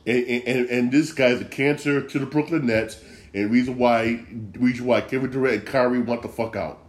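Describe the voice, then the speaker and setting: A man's voice: mid-range voice, fairly even intonation, normal speed. A man hosting a sports podcast, ranting heatedly with a lot of swearing and repetition.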